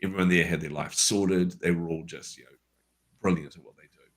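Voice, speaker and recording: In a relaxed chat, a guest from New Zealand recounts a personal story in his low, deep voice, speaking fairly quickly. He tells it with animation, performing the remembered dialogue.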